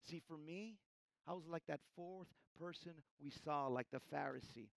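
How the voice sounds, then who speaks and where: A man, preaching a sermon and calling his listeners "church", swinging between loud emphasis and hushed, soft lines. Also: fairly high pitch, moderate pace, creaky, dry recording, poor audio. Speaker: pastor.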